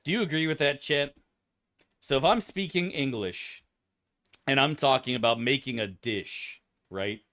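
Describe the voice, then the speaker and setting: A man's voice: mid-range voice, unhurried, fairly bright tone, no room sound, studio quality. A man streaming a game, chatting casually to his chat with a profane, joking manner. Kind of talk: casual gameplay commentary.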